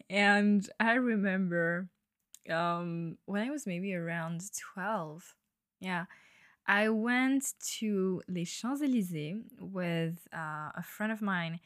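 Slow-talking young woman, dry close sound. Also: lowish voice, fairly bright tone, no echo. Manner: slow, breathy-edged, laughing and swearing freely. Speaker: podcast host. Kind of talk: casual solo podcast monologue.

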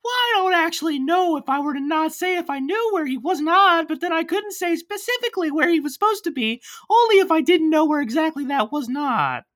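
A man's voice: very high-pitched, animated, fairly quick, hardly any pauses, fairly bright tone, pitched above the performer's own voice. A man voicing Pinocchio as a wooden puppet boy who rambles in convoluted double negatives. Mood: evasive.

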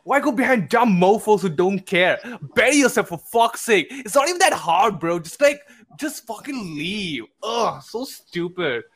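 A man's voice: sits high, very animated, a little slow, a bit bright, breathy edge, pitched above the performer's own voice, full character voice. A man putting on a sneering know-it-all in a bad American accent. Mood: scornful. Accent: poor American accent. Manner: mocking, sneering and preachy with heavy cursing. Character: brash young male online know-it-all.

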